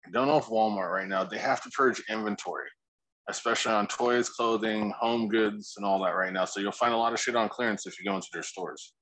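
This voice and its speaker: A man's voice: lowish voice, steady tone, fairly quick, fairly bright tone, poor audio. A man co-hosting a casual podcast, laid-back and rambling, swearing freely. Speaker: podcast co-host.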